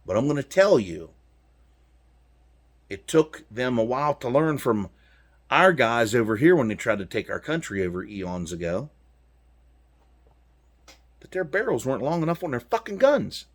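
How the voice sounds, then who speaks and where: Speaking at a normal speed with long pauses, an American vlogger in his truck unloads a profane, heated rant on his viewers. His mid-range voice is very animated, and his delivery is punchy and full of swearing.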